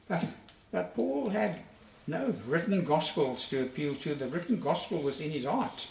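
A man's voice: fairly high pitch, expressive, a little slow, gravelly, darkish tone. A man preaching a sermon in an earnest, emphatic way, repeating key phrases for weight. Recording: echoey room, distant mic, faint ambience.

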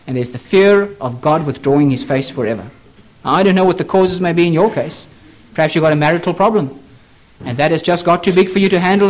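A man preaching a sermon, earnest and pleading, asking the listener questions directly and slowing down for emphasis. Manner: earnest, pleading, dramatic swings in pitch and pace.

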